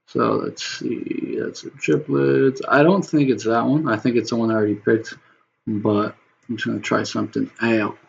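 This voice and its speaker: A man's voice: medium pitch, steady tone, normal speed, gravelly, highs cut off, a little hiss or hum. A man who produces music, talking casually and rambling as he builds a beat, swearing now and then and humming the rhythm. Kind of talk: casual talk while making a beat.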